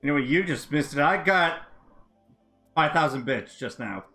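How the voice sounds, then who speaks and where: A man live-streaming a racing game, chatting casually and reacting with excitable exclamations. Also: on the high side, normal speed, soft background music. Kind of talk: casual live-stream chat while gaming.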